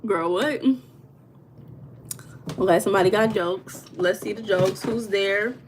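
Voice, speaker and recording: A woman's voice: medium pitch, steady tone, measured pace. An American woman hosting a live tarot stream on her phone, talking easily to her viewers and answering their comments one by one. Her slang is loose and friendly. A faint hiss of background noise sits under her voice. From United States. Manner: chatty, reads viewer comments aloud, Southern-style slang. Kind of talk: casual livestream chat. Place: home room.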